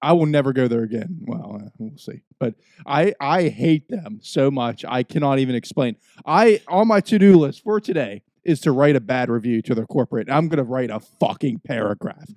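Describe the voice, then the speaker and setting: A young man, a podcast host, telling a profane, ranting story in casual chat, swinging between low mutters and loud outbursts. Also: animated, moderate pace, few pauses, no room sound.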